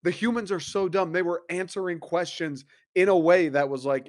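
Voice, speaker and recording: A man's voice: a little high, normal speed, dry recording. Man, young adult, solo podcast host, rambling, profane, acts out voices, dry close mic. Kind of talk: casual solo commentary.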